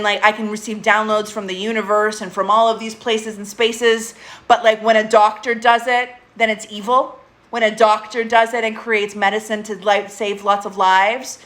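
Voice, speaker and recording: A woman's voice: medium pitch, a bit bright. Candid, laughing woman on a live stream. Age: adult, getting older. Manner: candid, swears often, laughs between thoughts. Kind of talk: casual live-stream talk. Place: at home with a pet.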